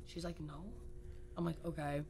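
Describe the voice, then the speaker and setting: A woman's voice: on the low side, fairly quick. A young woman hosting a podcast, telling stories in a casual, gossipy chat and acting out what people said. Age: young adult. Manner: gossipy, animated storytelling with acted quotes. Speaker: podcast host.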